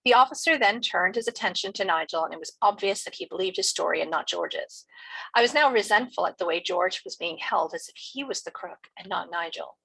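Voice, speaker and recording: Husky woman reading a novel aloud. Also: medium pitch, animated, brisk, pushed and bright, rough recording. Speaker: teacher.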